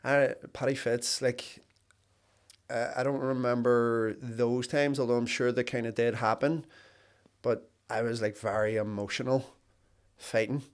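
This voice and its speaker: A man's voice: mid-range voice, level tone, unhurried, smooth. A man, a podcast guest who speaks reflectively in a casual chat. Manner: reflective, frequent backchannel agreement. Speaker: podcast guest, business owner.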